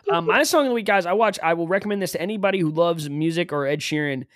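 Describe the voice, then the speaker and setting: A man's voice: fairly high pitch, expressive, fast talker, few pauses. A male podcast co-host in casual chat, rambling and joking with lots of fillers.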